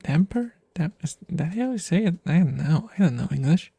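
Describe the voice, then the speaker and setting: Gravelly, breathy man in soft ASMR chat. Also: a little high, expressive, normal speed, no room sound. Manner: rambling, self-deprecating, drifting in and out of whispers. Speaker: ASMR streamer.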